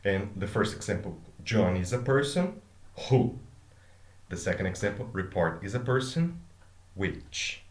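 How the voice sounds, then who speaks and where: A man's voice: fairly low pitch, animated, unhurried. A man, teaching an English grammar lesson. He explains with examples and often checks in with "okay?". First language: Portuguese. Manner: explains with examples, asks okay after each point. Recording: echoey room.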